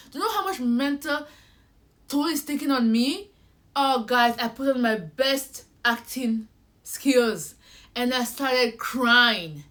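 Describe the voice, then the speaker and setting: A young woman vlogger telling a personal story in a casual, animated way, acting out conversations and talking straight to her viewers. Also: a little high, a little slow. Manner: animated, acts out conversations, addresses viewers directly.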